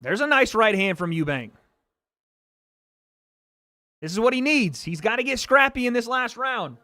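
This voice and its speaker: Calling a bout live for his stream's watch party, a man uses a high, bright voice to label each punch that connects. He curses freely and breaks into excited hollers whenever the fight swings. He talks fairly quickly, and the sound is clean studio audio with no echo.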